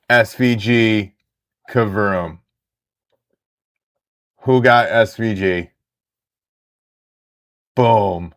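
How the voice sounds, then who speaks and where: A man in his thirties hosting a live card break stream, chatting excitedly with viewers in the chat. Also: lowish voice.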